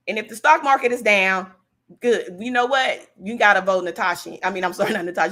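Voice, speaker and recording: Gravelly-voiced woman chatting emphatically. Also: medium pitch, fairly bright tone. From California. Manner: chatty, emphatic, repeats herself, reads viewer comments aloud. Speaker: livestream host. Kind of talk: casual political chat with viewers.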